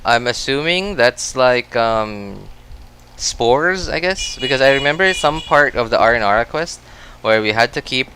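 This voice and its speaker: A man's voice: mid-range voice, expressive, measured pace, bright, forceful tone, slight background noise. A Filipino man with an American accent, streaming gameplay and chatting with his viewers. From Philippines. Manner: chatty, reacts aloud and answers chat. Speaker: game streamer. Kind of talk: gameplay livestream commentary.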